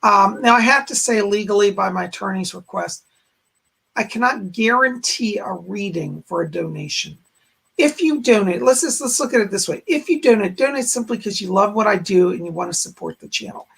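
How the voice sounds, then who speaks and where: A man hosting a psychic live stream with a hoarse voice that keeps going out, chatting to viewers and leading a guided meditation. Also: high-pitched, brisk, sharp tone. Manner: speaks straight to viewers, frequent throat clearing. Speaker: psychic medium host.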